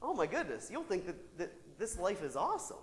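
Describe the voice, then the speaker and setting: A pastor preaching a sermon to his congregation, animated and tossing in rhetorical asides with the odd laugh. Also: high-pitched, fairly quick, long reverb tail, slight background noise.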